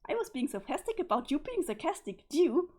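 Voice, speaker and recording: A woman's voice: high-pitched, very animated, brisk, mellow. A woman voicing a scheming, sarcastic young female troll in a smug, teasing manner.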